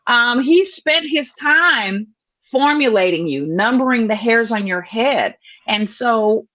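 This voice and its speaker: A woman co-hosting an online radio talk show, speaking in an expressive, preacherly way. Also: on the high side, takes it slowly, no room sound. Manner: expressive, preacherly, faith-filled. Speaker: co-host. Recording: dry, dull lo-fi remote audio.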